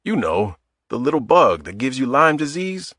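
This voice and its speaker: A man's voice: mid-range voice, big pitch swings, moderate pace, pushed and bright, no room sound, clean studio sound, voice pushed up. A man voicing a wry, self-deprecating man in his mid-forties in an audiobook. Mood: joking. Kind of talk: audiobook character voice.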